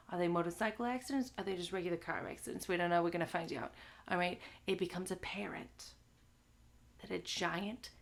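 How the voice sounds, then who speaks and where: With a fairly low, gravelly voice, this young woman runs a live movie stream. She chats crudely and casually to the live audience, tacking "all right?" onto her lines.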